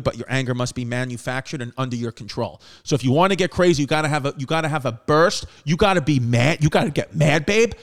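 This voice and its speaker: Smooth voiced guy hosting a comedy podcast, rambly, swears a lot, says like constantly. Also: mid-range voice. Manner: rambling, profane, filler-heavy. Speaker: podcast host. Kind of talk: casual comedic podcast chat.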